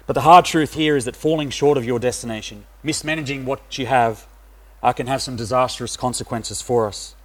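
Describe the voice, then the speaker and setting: A middle-aged man from Australia giving a sermon, pausing often with "uh" fillers. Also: mid-range voice, fairly even intonation, fairly bright tone. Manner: hesitant, many "uh" fillers. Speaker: preacher.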